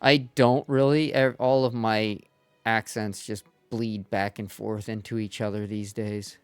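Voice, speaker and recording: Slow, smooth-voiced male streamer. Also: fairly low pitch, level tone, no room sound. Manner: rambling, laughs often, many fillers. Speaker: gaming streamer host. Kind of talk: casual stream chat.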